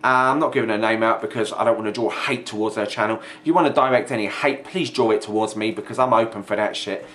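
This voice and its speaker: A man's voice: fairly low pitch, fast talker, few pauses, a bit bright, slight background noise. A young man ranting angrily in a vlog, sweary and mocking, sounding exasperated. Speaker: video ranter. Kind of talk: angry vlog rant.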